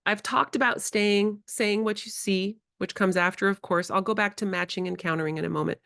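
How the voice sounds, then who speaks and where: A woman presenting a workshop to educators, animated and acting out conversations with children. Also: mid-range voice, a little fast, vocal fry, no echo, clean studio sound. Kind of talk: workshop lecture. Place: in-person workshop.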